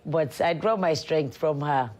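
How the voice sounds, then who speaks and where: A woman's voice: sits low, a little slow, a little mellow. A middle-aged woman, an actress turned politician, speaking candidly and reflectively in an interview. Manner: candid, reflective, laughs often. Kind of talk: personal documentary interview.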